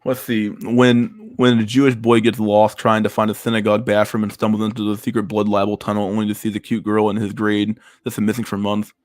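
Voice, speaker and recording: A man's voice: lowish voice, completely flat delivery, a little fast, hardly any pauses, darkish tone. A man hosting a casual livestream, reacting to memes with crude slang-heavy banter. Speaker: livestream host.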